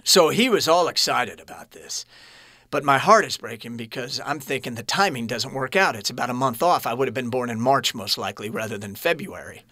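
A man in his late thirties telling his personal story as a podcast guest, earnest and halting, often restarting his sentences. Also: medium pitch, animated, bright, forceful tone, no room sound, clean studio sound.

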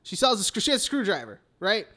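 A man's voice: sits high, very animated, quick pace, bright, forceful tone. A young man hosting a podcast, recapping a film in rambling, profane casual chat full of "like". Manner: rambling, profane, heavy use of "like". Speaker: podcast host.

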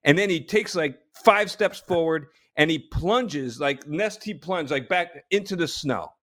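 A man from New Jersey telling a long story as a guest, animated, with frequent restarts and laughter. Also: a little high, a little slow. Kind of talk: casual storytelling.

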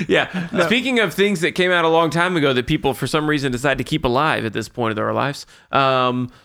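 A man's voice: on the high side, moderate pace, vocal fry, sharp tone. A man co-hosting a podcast in casual chat, joking and swearing freely and laughing often. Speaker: podcast co-host. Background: other hosts talking.

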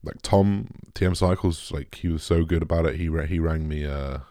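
A young man talking candidly and emotionally to his viewers, halting often, restarting sentences and swearing. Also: rumbling low, dark tone, no room sound, studio quality. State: emotional, shaken. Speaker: vlogger. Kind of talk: candid personal talk to camera.

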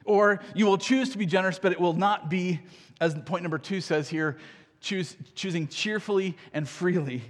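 A man's voice: sits high, normal speed, in a large hall. A man preaching a sermon as pastor, conversational and earnest, often checking in with "right?" and restarting his phrases.

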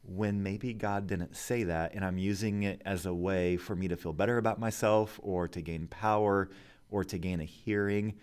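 A man with a low voice, co-hosting a Bible discussion podcast. He explains passages in a measured, unhurried way. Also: steady tone, darkish tone, clear, resonant tone. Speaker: podcast co-host.

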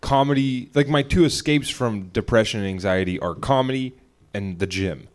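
A man's voice: medium pitch, moderate pace. A young man co-hosting a podcast, talking casually and rambling, swearing often as he retells a spat at home. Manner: rambling, profane, retells arguments with quoted voices. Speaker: podcast co-host. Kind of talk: casual chat.

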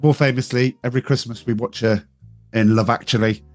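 A man's voice: mid-range voice, steady tone, fairly quick, faint music behind. A man co-hosting a podcast, chatting casually about films in a teasing, wry way. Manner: teasing, wry, listing facts. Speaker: podcast co-host. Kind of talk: casual film discussion.

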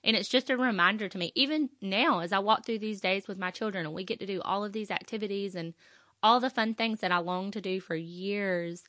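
A woman's voice: medium pitch, brisk, bright, forceful tone, dry recording, clean studio sound. A woman, talking on her faith podcast in an emotional, rambling way with many fillers. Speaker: podcast host. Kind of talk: personal faith podcast talk.

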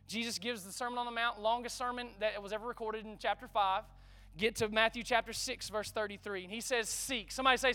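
High, bright-voiced preacher. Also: male voice, clean tone. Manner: lively preaching with call-and-response asides. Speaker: pastor. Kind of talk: sermon.

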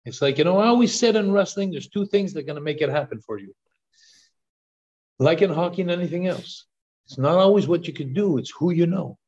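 Older man, podcast guest; eager, restart-heavy storyteller, slightly higher voice, muffled remote audio. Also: a little fast. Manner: excited storyteller, repeats words on restarts. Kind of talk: storytelling interview talk. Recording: dull lo-fi call audio.

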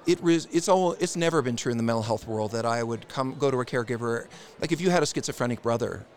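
A man's voice: medium pitch, fast. A man appearing as a therapist guest on a podcast, speaking with blunt, emphatic conviction. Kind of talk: casual interview.

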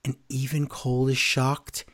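A man co-hosting a casual wrestling recap podcast, sarcastic and lively as he runs through the night's events. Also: medium pitch, measured pace. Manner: animated, sarcastic play-by-play.

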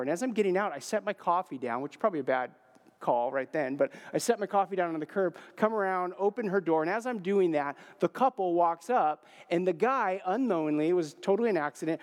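A man in his forties preaching a sermon, telling a personal story casually, with frequent filler words. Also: a little high. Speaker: pastor. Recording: long hall reverb.

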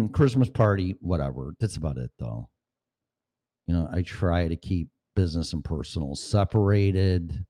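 A podcast host chatting casually and profanely during a sound check, rambling and often clearing his throat. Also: sits low, lively intonation, a little slow, mellow.

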